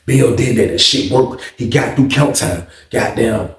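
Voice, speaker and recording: A man telling a story in a casual, animated way, full of slang and repetition. His voice sits in a middle pitch. A roomy echo hangs around his words. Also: unhurried.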